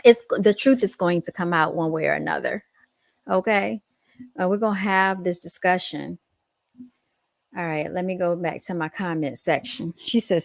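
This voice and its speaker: A woman's voice: lowish voice, normal speed, creaky, rough recording. Woman hosting a livestream; folksy, dramatic delivery, talks straight to her viewers. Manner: dramatic, folksy, keeps addressing viewers as y'all; apologetic while fixing a fallen mic stand. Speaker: livestream host. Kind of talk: casual livestream talk to viewers. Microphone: handheld studio microphone.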